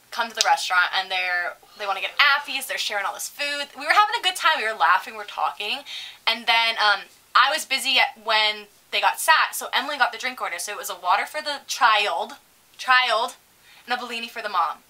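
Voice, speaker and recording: A woman with a fairly high, very bright voice tells a story in a casual chat. She swears freely and acts out what the customers said in her own voice. Her delivery is animated. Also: fairly quick, low-quality recording. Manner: profane, animated, acts out quotes. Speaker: podcast co-host, server.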